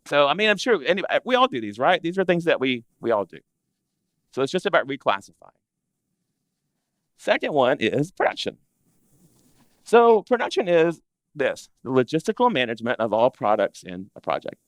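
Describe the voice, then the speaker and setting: An interior design business educator gives a live presentation to a seated audience of designers, speaking in an animated, conversational way and acting out clients' complaints. His voice is on the high side and moves at normal speed with frequent pauses. There's no room sound.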